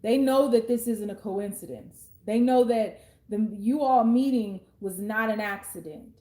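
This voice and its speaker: A woman's voice: fairly high pitch, a little slow, dark tone. A woman in her thirties giving an intuitive tarot reading to the viewer, chatting along with frequent fillers and restarts. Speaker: tarot card reader. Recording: roomy echo.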